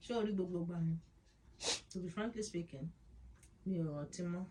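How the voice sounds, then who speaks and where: A middle-aged woman with a Nigerian accent, the host's mother, explaining calmly and switching between Yoruba and English. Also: lowish voice, a little fast, slightly rough.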